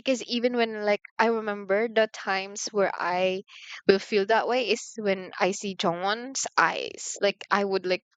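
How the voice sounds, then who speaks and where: A woman's voice: mid-range voice, smooth, dry recording. A young woman talking casually to her viewers, rambling and slangy with lots of "like", candid and confessional. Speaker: vlogger. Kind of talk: casual confessional chat to camera. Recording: slightly muffled, dry room.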